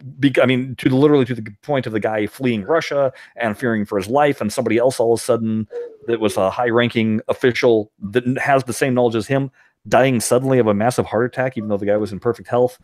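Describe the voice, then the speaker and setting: A man co-hosting a podcast, chatting casually and retelling scenes with lively put-on voices. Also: medium pitch, fast, no echo, clean studio sound. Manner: animated storyteller, puts on silly voices when retelling scenes. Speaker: podcast co-host. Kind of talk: casual chat.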